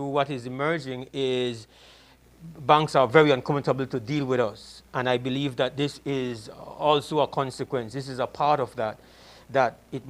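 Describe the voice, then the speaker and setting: A man speaking for a union in a press interview, hesitant and frustrated, with many restarts. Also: mid-range voice. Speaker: union representative.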